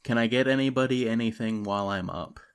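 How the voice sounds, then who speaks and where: A man's voice: medium pitch, quick pace, clean tone, close to an everyday voice. A man reading a cheeky strong-willed girl. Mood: breezy.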